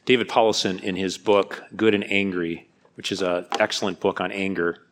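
A man's voice: low-pitched, steady tone, normal speed, a bit bright, slight background noise. A man preaching a sermon, earnest, reading a book passage aloud and stressing his key points.

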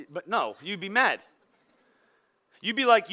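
A pastor delivers his sermon in an animated, chatty way, full of playful asides to the congregation. His voice sits high for a man and has a bright, forceful edge. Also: unhurried, pauses often.

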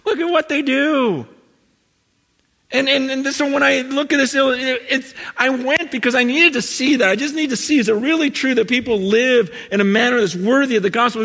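A male preacher with a fairly high voice tells a story with energy, slipping into other people's voices as he quotes them. He talks in loose bursts full of fillers. The sound carries the long reverb of a big hall. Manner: animated storytelling, acts out quotes, many fillers. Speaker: pastor. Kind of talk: sermon.

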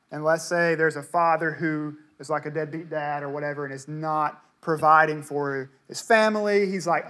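A man's voice: a little high, fairly bright tone. Emphatic conversational male pastor preaching. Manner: conversational, emphatic, repeats words when stressing a point. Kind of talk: sermon.

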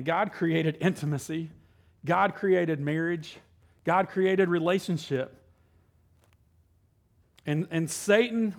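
Guy in his thirties preaching, high gravelly voice, keeps saying man and right. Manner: reads scripture slowly and deliberately. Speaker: pastor. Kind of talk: sermon.

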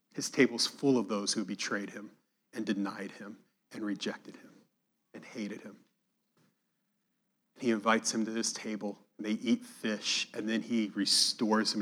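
A man preaching a sermon, reading scripture aloud with emphasis and dropping to a hushed, quiet voice to reflect on it. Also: lowish voice, fairly even intonation, normal speed, pauses often, husky.

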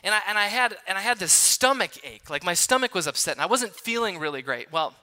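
A man in his thirties from Wisconsin preaching a sermon, telling a personal story in an animated, conversational, self-deprecating way. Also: high-pitched, fast talker. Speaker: pastor. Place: large church hall.

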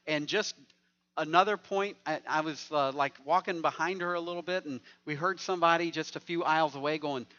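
A man's voice: a little high, fairly quick, pushed and bright, dull audio. A man preaching a sermon as pastor, conversational and joking with the congregation.

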